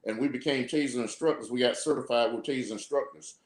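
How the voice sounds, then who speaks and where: Former cop explaining, echoey room. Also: male voice, mid-range voice, fast. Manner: repeats words often, explains steadily. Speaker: former police officer guest. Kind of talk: live video talk show discussion.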